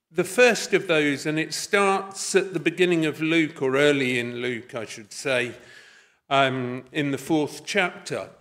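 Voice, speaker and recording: A man's voice: fairly high pitch, a bit bright. A middle-aged man with a Scottish accent giving a conference talk, thoughtful and self-deprecating, with hesitant fillers. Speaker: conference speaker. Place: conference hall.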